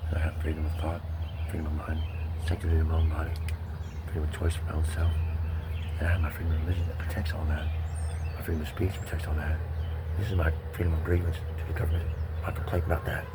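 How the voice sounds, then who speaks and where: A man's voice: very deep voice, flat delivery, heavy background noise. A man talking to the camera in a rambling vlog monologue, pressured and profane, swearing in nearly every sentence. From United States. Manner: pressured, rapid, swearing constantly. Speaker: vlogger.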